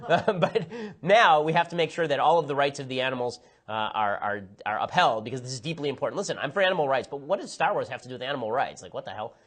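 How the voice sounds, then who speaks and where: Brief: male commentator, quick sarcastic rant, exasperated asides, mid-pitched voice. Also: expressive, fairly bright tone. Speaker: political commentator. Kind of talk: rapid opinionated film review.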